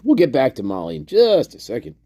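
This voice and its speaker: A man ranting in casual, profane commentary while reacting to a film, mocking people and swinging between mutters and shouts. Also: mid-range voice, huge pitch swings, fairly quick, slightly rough, no echo.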